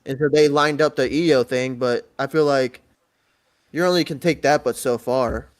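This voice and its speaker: Podcast co-host, man, mid pitch, relaxed thinking-aloud delivery. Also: moderate pace. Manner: easygoing, thinks out loud. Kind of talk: casual wrestling chat.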